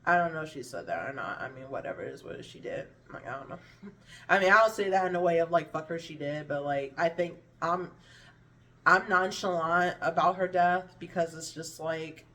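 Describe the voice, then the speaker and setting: A woman's voice: low-pitched, a bit bright, distant mic. A woman telling a personal story to camera in a frank, meandering, profane way, trailing off and restarting, a little slurred from hunger. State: hungry, slurring words a little. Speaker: vlogger.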